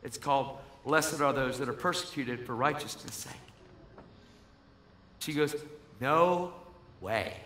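Bright, animated man preaching in echoey hall. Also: medium pitch, a little slow, long pauses, slight background noise. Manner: animated storytelling, acts out voices, builds to shouting. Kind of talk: sermon testimony. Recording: echoey hall with faint music.

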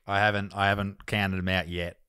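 A man's voice: deep voice, little pitch movement, fairly quick, sharp tone, smooth, no echo, clean studio sound. A young Australian man hosting a podcast, telling crude jokey stories and laughing as he goes. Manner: crude, joking, laughs mid-story. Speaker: podcast host. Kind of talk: casual comedic chat.

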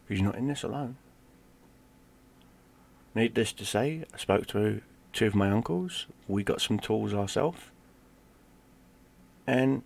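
A middle-aged man with a low, gravelly voice tells a story in a blunt, casual way. He swears freely and drops to a hush at the tense parts. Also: lively intonation, a little slow, pauses often. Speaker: gaming streamer telling a personal story.

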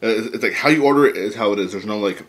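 A man hosting a mukbang, chatting excitedly to viewers while eating. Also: on the low side, racing. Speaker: mukbang host. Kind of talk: casual eating vlog.

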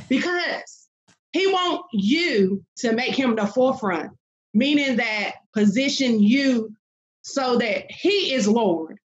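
A woman's voice: on the high side, lively intonation, a little slow, dull audio. A woman minister speaking as a podcast guest, fervent and emphatic, with many fillers. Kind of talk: preaching-style interview talk.

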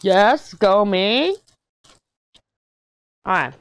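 An excited, chatty woman talks through a craft unboxing at a desk mic. Her voice sits at an everyday middle pitch. She talks casually to her viewers and hums to herself while she works. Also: very slow, clean tone, no room sound. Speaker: diamond painting vlogger.

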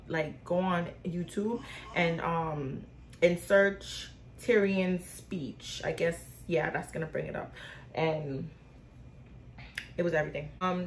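A woman's voice: fairly low pitch, a little hiss or hum. A young woman in her twenties chatting casually to viewers in a question-and-answer vlog, rambling with lots of fillers and slang, recorded on a phone. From Haitian/Bahamian. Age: 20s. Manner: informal slang, speaks to viewers as y'all. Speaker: vlogger. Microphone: phone camera.

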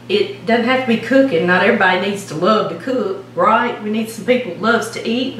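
A woman's voice: mid-range voice, fairly bright tone. Folksy Louisiana-accented woman, cooking show host, in an echoey home kitchen with some faint noise behind her. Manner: folksy, storytelling while icing a cake. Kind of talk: casual chatty cooking demo. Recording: echoey kitchen, mic at a distance.

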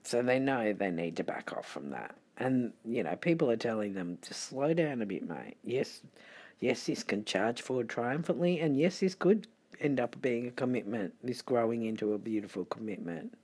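Middle-aged Australian tarot reader, sleepy, mellow and husky, unhurried chatty delivery. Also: mid-range voice, lively intonation. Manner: chatty and rambling, with muttered asides. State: sleepy, late at night. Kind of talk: casual tarot reading.

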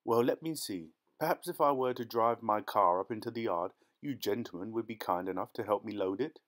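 A man's voice: on the low side, brisk, a bit bright, natural voice. A man voicing a fussy, ingratiating male antiques dealer posing as a parson, overly polite and wheedling.

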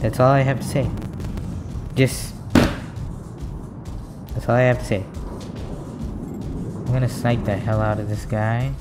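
A man giving live commentary over his own gameplay, excitable, joking and raging at the game. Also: medium pitch, measured pace, long pauses, loud music behind the voice. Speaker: gaming channel host.

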